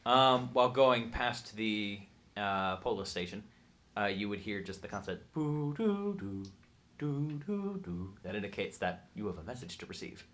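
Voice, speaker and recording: Low-voiced man running a tabletop game. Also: moderate pace. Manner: relaxed, explanatory, with frequent fillers. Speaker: game master.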